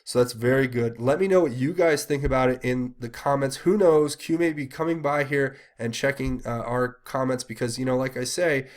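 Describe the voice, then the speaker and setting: A congested man with a cold hosts his own channel in an earnest, rambling monologue. He pleads with viewers, stumbles over many fillers, and keeps a middle-pitched voice. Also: steady tone, normal speed, few pauses. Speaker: channel host. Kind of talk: casual solo commentary.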